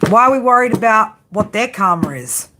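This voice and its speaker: A woman's voice: a little high, expressive, fairly quick. Woman doing a tarot reading, real blunt and sweary, keeps saying right?, faint hiss behind. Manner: blunt, profane, repeatedly asks "right?"; frank tough-love delivery. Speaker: tarot reader.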